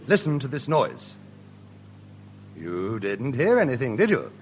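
A man performing radio sketch comedy, with a deadpan mock-lecturing delivery. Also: medium pitch, a little slow, pauses often, slightly rough. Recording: dull hissy old radio recording.

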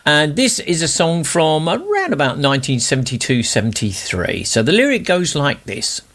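A man's voice: fairly high pitch, huge pitch swings, moderate pace, a bit bright. Radio guy in a soundproofed studio, jokey and chatty, voice goes up and down a lot. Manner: jokey, chatty, self-mocking. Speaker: radio host running a lyric quiz. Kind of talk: casual radio chat.

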